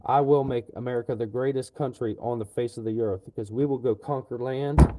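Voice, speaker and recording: A man ranting profanely and loudly to his livestream viewers. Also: mid-range voice, fairly even intonation, fairly quick. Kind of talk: livestream rant.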